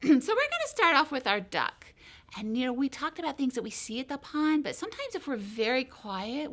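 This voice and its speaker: A woman leading a children's library storytime, gentle and encouraging as she talks to small children and sings simple songs. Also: fairly high pitch.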